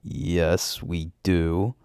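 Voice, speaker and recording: A man voicing a grumpy, sharp-tongued female alien, dry and dismissive. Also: level tone, extremely slow, clear, resonant tone, no room sound, full character voice. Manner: dry, dismissive, low-key.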